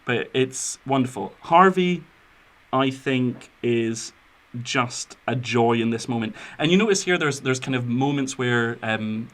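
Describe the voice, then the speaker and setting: Guy hosting a podcast, mid-pitched voice, gushes on and on about movies, lots of ums. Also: animated, a little slow, fairly bright tone. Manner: effusive, rambling with fillers and restarts. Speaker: podcast host. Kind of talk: casual film discussion.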